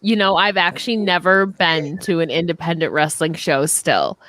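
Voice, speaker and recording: A woman's voice: on the low side, moderate pace, a bit bright, no echo. A young woman guest on a casual video-call interview, rambling with lots of fillers and restarts. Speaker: interview guest, podcast host.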